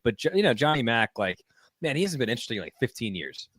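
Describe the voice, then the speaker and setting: A man's voice: medium pitch, sing-song, fairly bright tone, dry recording. Joking man co-hosting a tennis stream. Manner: joking, emphatic, drawn-out reactions. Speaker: co-host. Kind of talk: live watchalong commentary. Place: home streaming setup.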